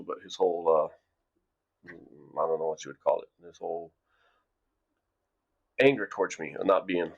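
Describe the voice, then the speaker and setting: A middle-aged man from the United States speaks in a low, gravelly voice with a lot of fry. He tells a story to camera in a loose, rambling way, restarting and repeating words as he goes. The recording sounds dull and lo-fi. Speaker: vlogger. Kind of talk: casual storytelling monologue.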